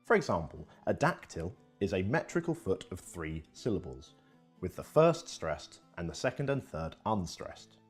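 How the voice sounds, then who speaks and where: A man's voice: low-pitched, sing-song, normal speed, slightly rough, faint music behind. A man giving scripted educational narration, reading expressively.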